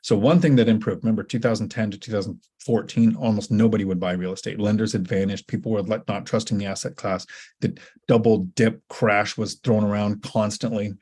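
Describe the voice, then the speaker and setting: A low-voiced man with a slightly husky tone, hosting a relaxed question-and-answer stream. He rambles casually and often stops and restarts his sentences. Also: brisk. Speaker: host. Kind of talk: casual livestream Q&A.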